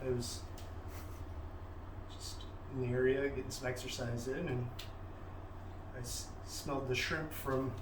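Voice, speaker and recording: A man's voice: medium pitch, steady tone, a little slow, pauses often. A man hosting a casual food vlog, talking in a rambling, offhand way full of fillers. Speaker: host. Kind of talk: casual chat, comedy skit. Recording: roomy sound from a distant mic, faint noise.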